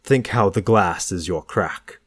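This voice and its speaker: Male reader doing a French seducer: French accent, slow and insistent, low and dry. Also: no echo. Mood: commanding. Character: languid, intense French man, a seductive stranger.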